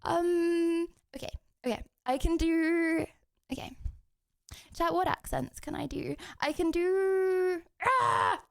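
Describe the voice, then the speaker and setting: A woman's voice: very high-pitched, slow pace, vocal fry, darkish tone, no echo, studio quality. A young woman livestreaming from home, chatting casually while reading chat messages, giggling and cutting herself off mid-sentence. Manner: chatty, giggly, self-interrupting.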